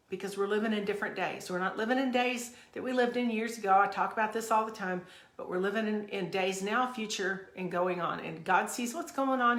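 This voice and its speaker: Her voice a little high and a bit bright, a podcast host delivers a passionate, forceful motivational rant on her own show, repeating phrases again and again. The room she's recorded in is echoey.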